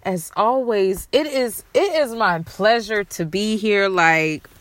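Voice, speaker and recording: Outdoors at night, the host of her own show repeats heartfelt, soothing affirmations at a slow pace, occasionally on the verge of crying. She has a mid-range voice, heard in a dry recording.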